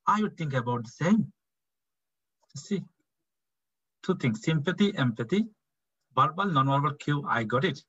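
Bangladeshi clinical tutor, male, thirties, repeats key points, slightly high voice over a dull call line. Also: a bit bright, husky, no echo. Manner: repetitive, acts out doctor-patient dialogue. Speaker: clinical teaching fellow. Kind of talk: online medical teaching session.

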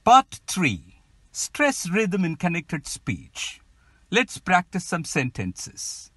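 A man's voice: fairly high pitch, wildly swooping pitch, fairly bright tone. A man with an Indian English accent teaching English pronunciation in a scripted podcast lesson, spelling words letter by letter. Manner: slow, careful, spells words out.

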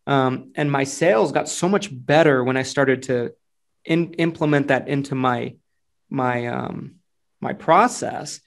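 A man hosting a podcast, talking casually about phone sales in a relaxed, loose way with lots of fillers. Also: mid-range voice, measured pace, gravelly. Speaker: podcast host and insurance sales agent.

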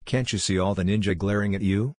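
A man voicing a smooth, condescending young male ninja in a storybook reading. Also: on the low side, steady tone, a little fast, a little mellow, dry recording, natural voice. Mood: smug.

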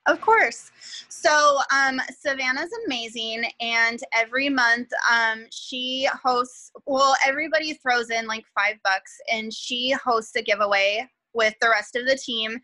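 A woman's voice: fairly high pitch, measured pace, bright, forceful tone, no echo, poor audio. A young woman sharing tips in a casual chat, bubbly and full of fillers. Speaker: guest team member sharing tips.

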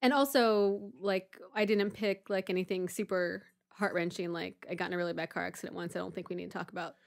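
A woman in her thirties, co-hosting a podcast, telling a story in a casual, animated way and acting out panicked voices with laughter. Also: on the low side, a little fast, vocal fry. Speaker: podcast co-host.

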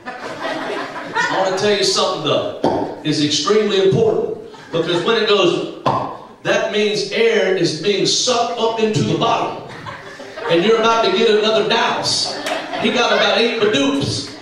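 A man preaches to a congregation, telling a comic story and slipping into the voices of the people in it. His voice sits high and is caught from far off, ringing through a very echoey church. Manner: animated storytelling with acted voices. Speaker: evangelist. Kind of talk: humorous preaching testimony. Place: church sanctuary.

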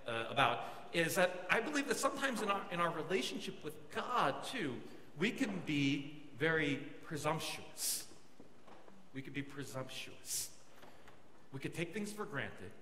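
A young man, a pastor, telling a self-mocking comic story during a sermon in a large church hall. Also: on the high side. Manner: animated, self-mocking storytelling with quoted asides. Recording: echoey hall, audience noise.

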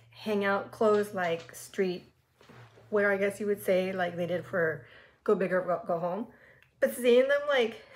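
Giggly, gushing woman vlogger. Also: mid-range voice. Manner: chatty and gushing, many filler words; frequent giggles while talking. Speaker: reaction video host. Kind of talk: casual reaction vlog.

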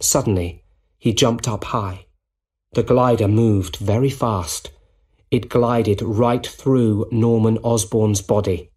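A man narrates a storybook for English learners in a plain, clear voice. He reads very slowly and sits low in pitch. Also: fairly even intonation, darkish tone. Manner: slow, plain, clearly spoken.

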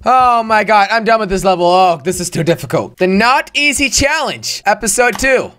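A young man hosts a gaming channel, voicing excitable let's-play commentary in a high voice at a moderate pace, with a little hiss or hum in the audio. He talks to himself and curses and yells at the game.

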